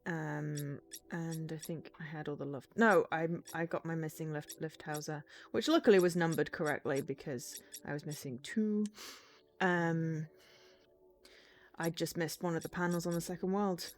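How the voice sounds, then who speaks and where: A woman with a lowish voice chats through a game stream, tired and rambling, full of ums and half-finished thoughts. Game music plays clearly behind her. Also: normal speed. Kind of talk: casual livestream chat.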